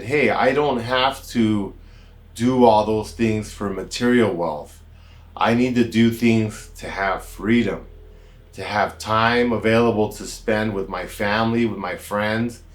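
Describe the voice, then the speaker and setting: A man's voice: lowish voice, unhurried. An American man, a doctor, telling a personal story in a casual, rambling way with plenty of asides. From United States. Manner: relaxed, rambling, with many "kinda" and "you know" asides. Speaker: doctor hosting a health channel.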